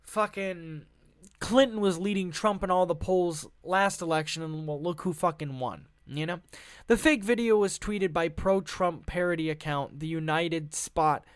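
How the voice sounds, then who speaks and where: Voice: mid-range voice, unhurried, clear, resonant tone, no echo, clean studio sound. A podcast host reading news articles aloud and breaking off into profane, laughing, rambling asides.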